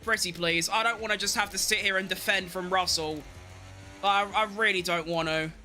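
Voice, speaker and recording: A man giving excitable, self-mocking live commentary while playing a racing game, talking to himself as he drives. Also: high voice, normal speed, faint music behind. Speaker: gaming streamer.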